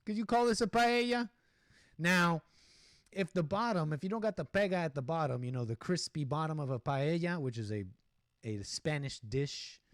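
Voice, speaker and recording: A man hosting a casual livestream, chatting loosely with his viewers and reacting to a video in an animated, rambling way. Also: a little high, no echo, studio quality. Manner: animated, rambling, talks to chat, mock-singing asides. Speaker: livestream host. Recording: music playing behind the voice.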